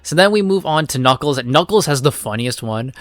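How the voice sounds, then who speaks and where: A man's voice: on the high side, lively intonation, a little fast, no room sound, soft background music. Casual man recapping a comic, profane. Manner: rambling, profane, with filler words. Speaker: comic reviewer.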